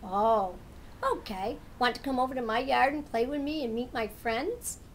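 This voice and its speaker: A woman's voice: on the high side, normal speed, a little hiss or hum, lightly acted. A woman voicing a friendly fuzzy orange cat.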